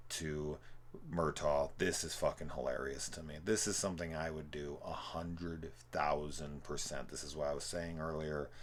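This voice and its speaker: A young man with a very low, deep voice talks through a film in a loose, rambling way. He swears freely and peppers every thought with "like" and "um". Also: fairly even intonation, normal speed, slight background noise. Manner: rambling, profane, full of "like". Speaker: film reviewer. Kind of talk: casual movie review commentary.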